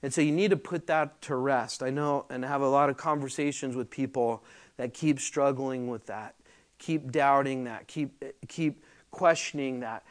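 A man preaching a sermon, teaching through a Bible passage with conversational asides and fillers, growing louder and more emphatic when reading verses aloud. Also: medium pitch. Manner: slow and deliberate, rising loudly when reading scripture aloud. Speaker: pastor.

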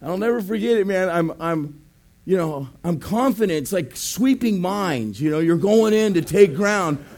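Male pastor, high voice, animated testimony storyteller who bursts into shouts. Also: normal speed. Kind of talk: testimony sermon.

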